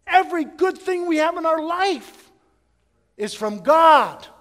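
A man preaching a sermon as pastor, swinging from loud emphatic preaching to hushed prayer in a church sanctuary. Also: extremely high pitch, expressive, slow pace, long reverb tail.

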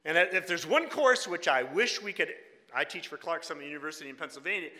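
An older man preaching a sermon in a church, conversational and wry, sometimes dropping to a hushed voice. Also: on the high side, big-room sound. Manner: conversational with wry humor, drops to a hush for quotes. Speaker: guest preacher and Bible college teacher. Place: church sanctuary.

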